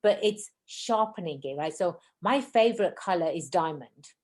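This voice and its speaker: Fast-talking effusive woman. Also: lowish voice, animated, a little mellow. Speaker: podcast host. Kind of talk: casual interview chat.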